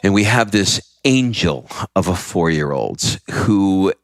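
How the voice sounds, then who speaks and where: A man's voice: low-pitched, slow pace, no room sound, clean studio sound. A man in his thirties hosting a podcast, chatting and ranting playfully with his wife. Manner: energetic, joking, rant-like. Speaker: podcast host. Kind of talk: casual chat.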